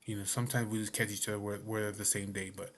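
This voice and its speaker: A man's voice: fairly low pitch, little pitch movement, fast, a little hiss or hum. A man telling a personal story to camera in a casual, blunt way, swearing often and asking "you know what I mean". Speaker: vlogger.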